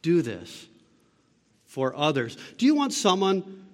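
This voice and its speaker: A man's voice: on the high side, wildly swooping pitch, slow pace, big-room sound. A man preaching a sermon as a pastor, emphatic and asking the listeners rhetorical questions.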